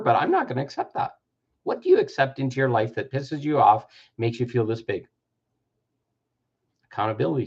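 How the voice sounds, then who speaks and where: Man, 50s, gravelly, earnest self-help talk, muffled lo-fi sound. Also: medium pitch, a little mellow. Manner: earnest, acts out quoted voices. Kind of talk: reflective personal-growth talk. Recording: dull lo-fi recording.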